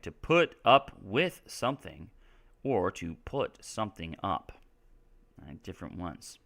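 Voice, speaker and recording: A man's voice: deep voice, bright, forceful tone. A man from Texas teaching English on a live stream, explaining in a casual, chatty way and checking in with "right?" as he goes. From Texas, United States.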